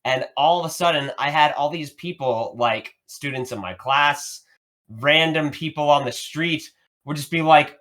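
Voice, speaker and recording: A man's voice: a little high, normal speed. A man in his thirties, a podcast co-host, telling a story in casual chat. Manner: storytelling, animated.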